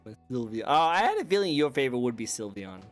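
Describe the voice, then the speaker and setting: A chatty man hosts a laid-back interview, his pitch swinging all over as he rambles. He laughs easily between thoughts. A faint music bed plays underneath. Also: big pitch swings, fast. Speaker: interview show host. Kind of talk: casual chat over a call.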